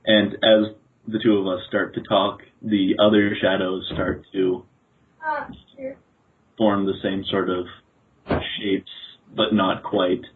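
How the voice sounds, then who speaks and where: A man narrating his part of a storytelling game at a deliberate pace with many pauses. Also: sits low, flat delivery, slight background noise. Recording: tinny phone-like audio.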